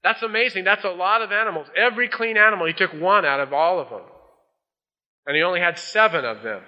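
A man's voice: high voice, fast talker. A male pastor preaching a folksy sermon, acting out the voices he quotes. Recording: dull old sermon tape in a large hall.

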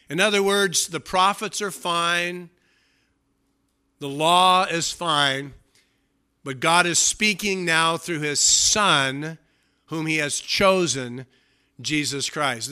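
Male pastor, bright and slightly high voice, animated sermon delivery that mimics the characters he quotes. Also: clear, resonant tone. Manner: animated preaching, acts out quotes with shifting pitch and volume.

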